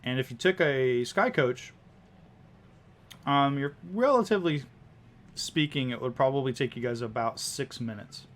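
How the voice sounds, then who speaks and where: A man's voice: mid-range voice, animated, fairly bright tone. Man narrating as game master. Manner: unhurried, descriptive, many fillers.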